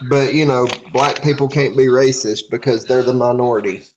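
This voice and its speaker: A man at a round table who speaks haltingly and mostly agrees. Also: mid-range voice, fairly even intonation, darkish tone, muffled recording, slight background noise.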